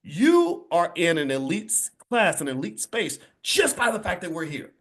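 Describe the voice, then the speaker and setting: A man's voice: high-pitched, wildly swooping pitch, normal speed, a bit bright. A man delivering a motivational talk to a live audience in an indoor event space. He is emphatic and preachy and repeats phrases for punch. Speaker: finance speaker.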